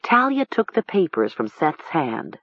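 A woman narrating a storybook in a measured, expressive way. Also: sits low, breathy edge, no room sound. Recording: dull lo-fi recording.

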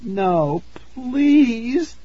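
A frightened little girl cries out in a high, quivering voice, pleading to be let go. She sounds close to tears and desperate, as a man acts her out. The storybook recording is slightly muffled, with a touch of huskiness in the voice. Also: expressive, very slow, mellow, slightly rough, no echo, full character voice. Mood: terrified pleading.

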